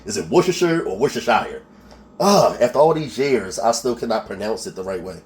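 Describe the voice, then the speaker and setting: A Philadelphia-accented man with a lowish, slightly mellow voice hosts a home cooking tutorial, speaking animatedly and a little fast. He's chatty, laughs at himself, and keeps checking in with "okay?".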